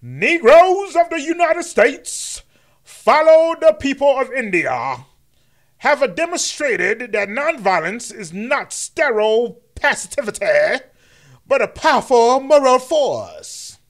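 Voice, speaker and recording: A man doing an impression of a grand, rousing preacher-orator, speaking in a swelling sermon cadence with drawn-out words. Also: very high voice, very animated, voice pushed up, full character voice. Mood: orating.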